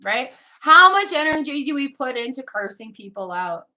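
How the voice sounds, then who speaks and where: A woman's voice: high-pitched, big pitch swings, moderate pace, sharp tone. A woman giving a live tarot reading, chatting casually and laughing often. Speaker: tarot reader.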